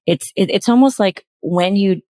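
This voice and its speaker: A woman podcast host reading out bad pitches and critiquing them with exasperated, sarcastic commentary. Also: moderate pace, mellow, dry recording.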